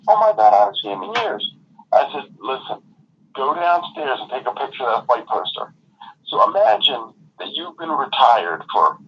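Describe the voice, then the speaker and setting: A man's voice: mid-range voice, slightly rough, muffled recording. A man from the area, casually telling a rambling story as a podcast co-host. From Philadelphia area, USA. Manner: rambling, many ums and restarts.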